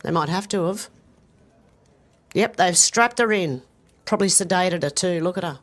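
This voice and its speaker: A woman's voice: lowish voice, moderate pace. A woman giving opinion commentary over video clips in an exasperated, indignant way, recorded as a voice-over. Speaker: news commentator.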